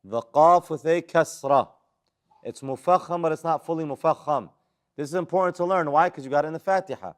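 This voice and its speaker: A man's voice: a little high, fairly quick. A man with an American accent teaching Quran recitation rules, drilling students with questions and recited Arabic letters. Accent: American English. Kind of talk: live classroom lesson.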